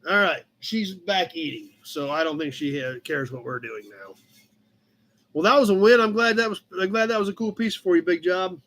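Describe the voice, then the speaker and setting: A man with a fairly high voice hosts a relaxed live chat from his shop office. He rambles through old car magazine pages in an easygoing way and breaks off now and then to talk to his cat. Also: moderate pace. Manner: rambling, chatty, talks to his cat between comments. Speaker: livestream host.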